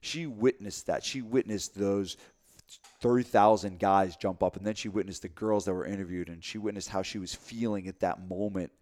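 A man in his thirties in casual chat, telling a story with many halting restarts. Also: fairly low pitch, steady tone, darkish tone.

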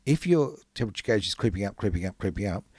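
A joking male co-host whose pitch swings widely as he banters and riffs. His voice sits a bit low and is captured close and dry in the studio. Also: fast, husky, no echo. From Australia. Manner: joking banter, lively interjections. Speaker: radio co-host. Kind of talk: casual radio chat.

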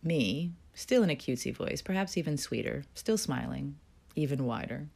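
A woman reading aloud a piece she wrote, in a frank, wry and expressive way. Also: extremely low pitch, brisk, creaky. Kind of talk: reading her own written piece aloud.

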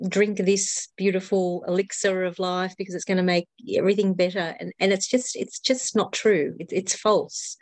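A woman's voice: medium pitch, darkish tone, no echo. A woman in her fifties, an author talking earnestly as a guest, often laughing and repeating her words. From Australia. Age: 50s. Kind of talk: casual interview talk.

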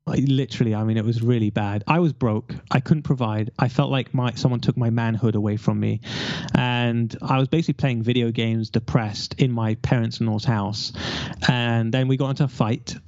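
A man's voice: medium pitch, steady tone, moderate pace, a little mellow, dry recording, lo-fi sound. A man in his forties from London, telling his life story candidly over a remote call, rambling with restarts. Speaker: guest.

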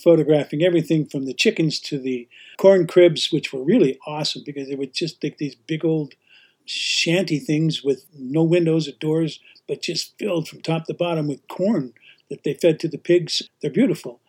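A man hosting a podcast and teaching, telling anecdotes in casual chat, animated and often laughing. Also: a little high, slightly rough. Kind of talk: casual storytelling.

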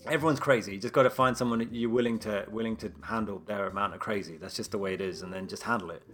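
A man's voice: lowish voice, fast, fairly bright tone, soft background music. A man co-hosting a podcast, chatting casually in a joking, rambling way with lots of fillers. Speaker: podcast co-host. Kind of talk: casual chat.

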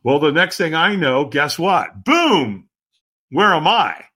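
A man's voice, a little higher than usual, swinging widely in pitch as he tells a personal story. His tone is bright and forceful, and he talks emphatically as a podcast guest, acting out other people's lines. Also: lively intonation, unhurried, slightly rough. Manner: acts out quoted voices, emphatic. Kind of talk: animated storytelling in conversation.

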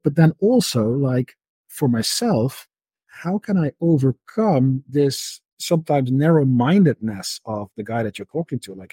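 A man's voice: mid-range voice, lively intonation, measured pace, mellow, slightly rough, dry recording. A man in a casual interview, explaining markets at length and often repeating words as he thinks. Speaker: interview guest, market analyst.

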